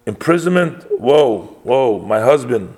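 A man's voice: medium pitch, very animated, unhurried, a little mellow, slightly rough. A man voicing a distraught elderly mother who pleads and cries out in a raised voice. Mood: wailing. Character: distraught elderly mother defying arresting police.

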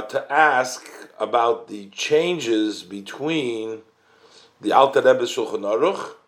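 A man teaching a text study class, reading Hebrew phrases and explaining them in English. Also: medium pitch. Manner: unhurried, careful explaining. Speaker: Torah teacher.

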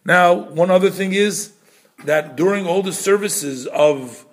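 A man with an of giving an informal religious lesson, explaining step by step and often pausing, repeating words and correcting himself. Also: high-pitched. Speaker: teacher explaining prayer customs.

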